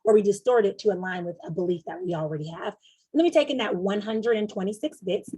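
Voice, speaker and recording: A young adult woman coach giving a casual, animated teaching talk, acting out little inner voices as she explains. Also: mid-range voice, fast, breathy edge. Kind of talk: teaching presentation.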